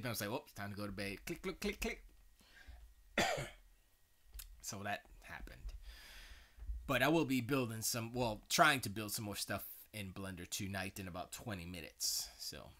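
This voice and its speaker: Tired, rambling low-voiced man. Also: sharp tone. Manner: meandering, self-correcting, loose slangy talk with frequent fillers. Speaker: livestream host. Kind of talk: casual rambling chat. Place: home studio.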